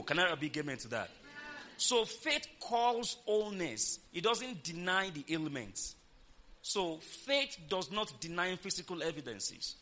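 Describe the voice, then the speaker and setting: A man's voice: high-pitched, sing-song, measured pace, pushed and bright. A man preaching a sermon, emphatic and calling on the congregation to answer back. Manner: emphatic, calls for congregation responses.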